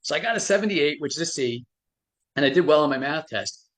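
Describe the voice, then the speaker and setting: A man's voice: a little high, lively intonation, fairly quick, fairly bright tone. A middle-aged man, a frequency medicine expert, telling stories animatedly with many restarts on a live stream. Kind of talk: motivational talk on a live stream.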